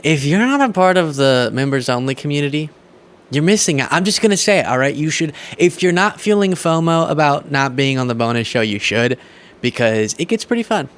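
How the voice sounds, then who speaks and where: A young man hosting a political reaction show, talking in a sarcastic, mocking and animated way. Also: fairly high pitch, fairly quick, smooth. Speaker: political commentary host. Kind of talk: reaction commentary.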